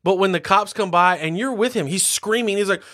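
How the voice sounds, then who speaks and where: A man co-hosting a podcast in casual movie chat, excitable and quick to act out favorite lines. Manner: excitable, quotes movie lines with rising pitch. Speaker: podcast co-host.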